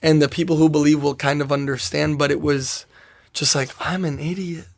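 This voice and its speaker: A man's voice: fairly high pitch, little pitch movement, fairly quick, gravelly. A young man, a soccer player guest in an interview, telling a personal story in a rambling way, full of "like" and quoted asides.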